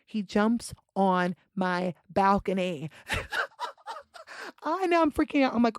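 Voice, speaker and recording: Podcast host, young woman, lively storyteller who swears freely, dry close sound. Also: slow pace, no echo. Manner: animated, profane, acts out quotes with big pitch jumps. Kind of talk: casual storytelling.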